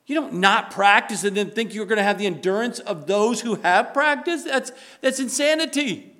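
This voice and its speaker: Bright, high-voiced preaching pastor. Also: male voice, animated, normal speed. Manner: preaching with rising emphasis and repetition. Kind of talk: sermon.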